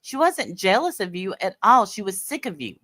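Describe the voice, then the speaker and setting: Blunt, bright-voiced woman host. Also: medium pitch, big pitch swings, moderate pace, dry recording. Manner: blunt and mocking. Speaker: host reacting to a stream. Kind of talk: heated reaction commentary. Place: lives in Tennessee.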